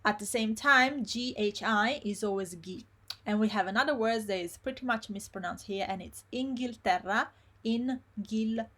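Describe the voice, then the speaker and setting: An Italian language teacher leads a live online lesson, modeling each syllable slowly and carefully in pronunciation drills. She has a mid-range, fairly bright voice.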